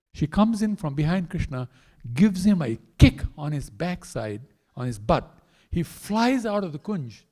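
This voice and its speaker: Man preaching a story in a temple, lively singsong pitch, animated. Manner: animated storyteller, acting out voices. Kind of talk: storytelling sermon. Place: temple hall.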